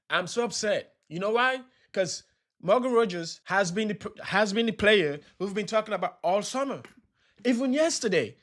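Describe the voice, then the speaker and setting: A man's voice: high voice, fairly bright tone. A young man hosting a football channel, talking in an agitated, upset way in a fan reaction vlog, repeating himself and firing off rhetorical questions.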